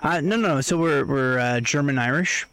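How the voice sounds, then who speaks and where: A man's voice: on the high side, moderate pace, fairly bright tone, clear, resonant tone, no echo. A man on a podcast talking casually and at length, circling back to his points. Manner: thoughtful, rambling family storytelling. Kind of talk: casual chat.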